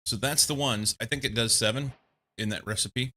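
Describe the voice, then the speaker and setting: A man from the United States streaming a game, thinking aloud in casual commentary, a little congested and quick to laugh. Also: medium pitch, sharp tone. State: slightly congested.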